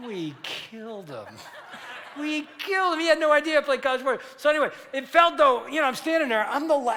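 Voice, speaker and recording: A man in his sixties telling a story in a sermon, animated and acting out the people he quotes, in a large church hall. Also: extremely high pitch, slight background noise. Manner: animated, acts out quoted voices. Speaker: pastor. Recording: long church-hall reverb.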